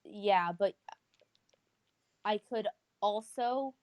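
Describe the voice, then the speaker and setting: A woman game master narrates a tabletop session at an even, mid-range pitch. She stops often to think, filling gaps with hesitations. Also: very slow, clear, resonant tone. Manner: hesitant, many fillers. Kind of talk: running a tabletop role-playing game.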